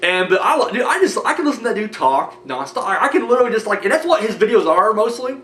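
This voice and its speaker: A man's voice: high voice, big pitch swings, quick pace, a bit bright, reverberant. An American man rambling casually with many fillers while thanking his viewers in a vlog. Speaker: movie review vlogger.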